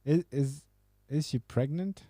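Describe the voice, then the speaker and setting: A man's voice: fairly high pitch, takes it slowly, warm tone, breathy edge, no echo, studio quality. A man hosting a podcast, casually reading out and joking about viewer messages, laughing and swearing often. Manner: laughing, profane, banter. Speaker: podcast host.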